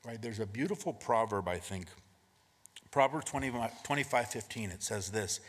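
Husky-voiced pastor preaching in a reverberant hall. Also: male voice, fairly low pitch, animated, normal speed. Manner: conversational preaching, frequent rhetorical "right?"; shifts between emphatic and hushed delivery. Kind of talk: sermon.

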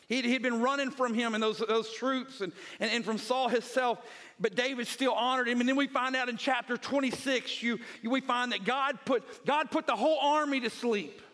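A man with a strikingly high voice preaches a Sunday sermon. He tells scripture stories vividly and drives each point home by repeating short phrases. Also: fairly even intonation, moderate pace, a bit bright. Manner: retells scripture as vivid storytelling. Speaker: pastor.

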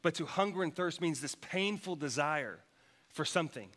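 Bright-voiced male pastor preaching. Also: fairly high pitch, lively intonation, normal speed. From United States. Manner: storytelling with many restarts and repeated words. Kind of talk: sermon.

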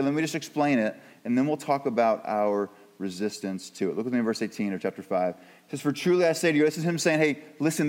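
A man's voice: mid-range voice, darkish tone. A male pastor preaching a sermon in a conversational, emphatic way, repeating words for stress. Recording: long hall reverb.

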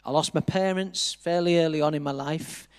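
A man's voice: a little high, fairly even intonation, moderate pace, smooth, natural voice. Man retelling a bitter grieving middle-aged man. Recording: echoey hall.

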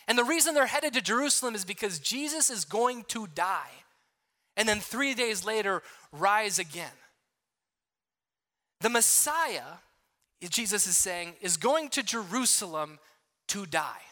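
A man's voice: sits high, bright, forceful tone. A man preaching a sermon, explaining a passage word by word with frequent restarts and asides. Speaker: pastor.

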